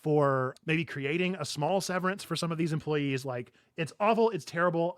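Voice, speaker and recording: Man, podcast host, animated and chatty, slightly high voice, laughs often. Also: normal speed, no room sound, studio quality. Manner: laughs through his words, animated and chatty. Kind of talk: casual news chat.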